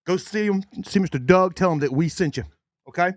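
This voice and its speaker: A man's voice: sits high, a little fast, dry recording. Male host, folksy sponsor-read energy, dry close mic. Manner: chatty, folksy, many fillers and restarts. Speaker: podcast host. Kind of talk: casual sports podcast chat with sponsor reads.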